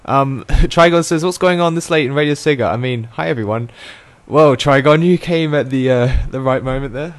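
A man's voice: medium pitch, moderate pace, few pauses. A young man hosting an online radio show, chatting casually, laughing often and stumbling over his words as he reads out comments. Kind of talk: casual chat, reading out chat comments.

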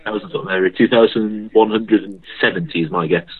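A man's voice: lowish voice, steady tone, fairly quick, dry recording. A man guessing answers as a contestant in an online quiz. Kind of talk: casual online quiz chat. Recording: husky voice on dull call audio.

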